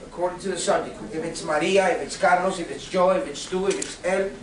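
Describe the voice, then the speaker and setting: A man's voice: high voice, fast talker, crowd noise. A man teaching a Spanish grammar lesson to a class, patient, often checking understanding with "okay?" and questions. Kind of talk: classroom lecture. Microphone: recorded from across the room. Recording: echoey classroom from a distance.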